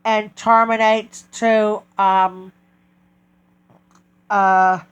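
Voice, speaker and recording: A man talking casually in a vlog, halting and correcting himself often as he goes. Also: high voice, level tone, fairly bright tone, smooth, muffled recording. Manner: halting, with many restarts and self-corrections. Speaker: train video vlogger.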